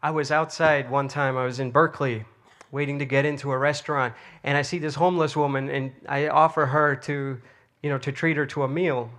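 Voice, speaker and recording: A man's voice: medium pitch, steady tone, fairly quick, fairly bright tone. A man giving an inspirational talk to an audience, telling a story in a conversational way with frequent fillers. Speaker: speaker.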